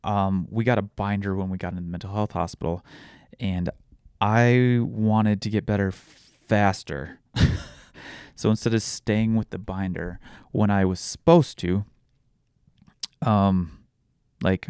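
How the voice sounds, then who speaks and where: A young man hosting a podcast, frankly telling a personal story with frequent swearing and halting restarts. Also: on the low side, steady tone, darkish tone, smooth, no room sound, clean studio sound. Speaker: podcast host.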